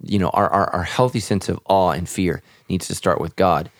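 A man's voice: deep voice, fairly even intonation, moderate pace, dry recording, studio quality. A man, a pastor, speaking earnestly and reflectively in a podcast conversation about faith.

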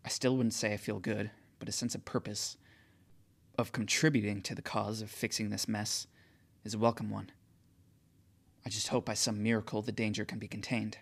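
Man, audiobook narrator, lowish gravelly voice, emotional first-person telling. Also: level tone, moderate pace. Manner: emotional, tearful outbursts.

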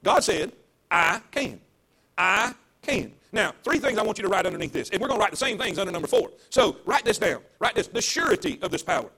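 A man's voice: high-pitched, big pitch swings, a little fast, sharp tone, slightly rough. A man, a pastor preaching a livestreamed sermon to an empty church, emphatic and repetitive, with call-and-response.

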